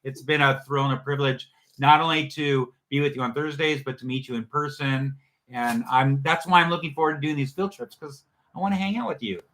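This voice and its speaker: A man hosting a casual live show, joking and signing off warmly to fans. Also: mid-range voice, a little fast. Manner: animated, joking, sentimental sign-offs. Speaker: show host. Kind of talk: casual live-stream chat.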